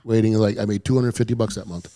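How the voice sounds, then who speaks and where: Brief: quick, rambling male comic guest, warm low-key tone, dry studio sound. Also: steady tone, no room sound. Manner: rambling, self-interrupting, acts out quoted voices. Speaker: stand-up comedian guest. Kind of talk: casual storytelling chat. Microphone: studio headphones and mic.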